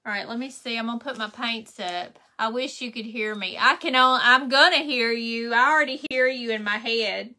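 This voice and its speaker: Woman, craft stream host, high bright voice, relaxed slow chat, friendly thank-yous to viewers. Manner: chatty, thanks viewers by name, laughs often. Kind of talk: casual live chat while painting.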